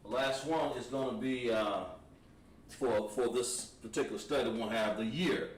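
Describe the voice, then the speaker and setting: Guy teaching a class, halting, thinking out loud, mic far off in an echoey room. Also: medium pitch. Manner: halting, thinks aloud while writing on a board. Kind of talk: classroom language lesson. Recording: echoey room, mic at a distance, faint noise.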